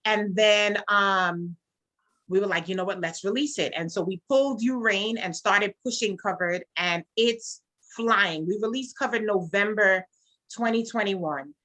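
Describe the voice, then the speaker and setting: A woman gospel singer speaks in a bright, forward voice, telling her own story with earnest conviction. She lets her pitch sit mid-range for a woman and livens up when she replays what people said to her. The talk stays casual and heartfelt. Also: measured pace. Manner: earnest, animated storytelling, acts out quoted dialogue. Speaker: gospel singer and songwriter, interview guest. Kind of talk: casual interview, personal testimony.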